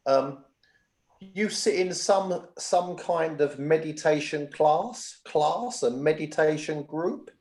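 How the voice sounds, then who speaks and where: A man's voice: on the high side, takes it slowly, a little mellow, roomy sound. A man working as a spiritual medium, giving readings from home and often checking in with his sitter.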